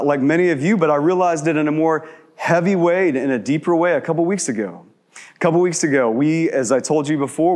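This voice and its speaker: A man in his thirties preaching a sermon in a conversational way, asking many rhetorical questions and dropping to slow, hushed emphasis on key words. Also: fairly high pitch. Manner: shifts between quick asides and slow, hushed emphasis. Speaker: pastor.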